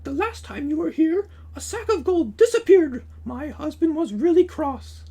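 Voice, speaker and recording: A man puts on a bossy giantess for a storybook reading, in a high falsetto that leaps up and down. Her voice is mellow rather than sharp, and she scolds in every line. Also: lively intonation, moderate pace. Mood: scolding. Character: stern giant woman, housewife guarding her kitchen. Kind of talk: storybook read-aloud.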